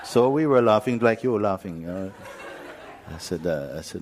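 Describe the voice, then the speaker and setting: A man who teaches spirituality, telling a personal story to a gathering in a gentle, unhurried way with frequent pauses. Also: deep voice, slight background noise. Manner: gentle, unhurried, pausing often. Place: talk hall in India.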